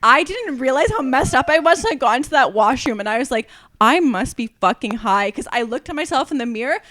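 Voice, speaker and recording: Speaking fast in a high voice with no echo, a young woman from Canada shares a wild story as a podcast co-host. The chat is casual and lively, full of swearing and her own laughter.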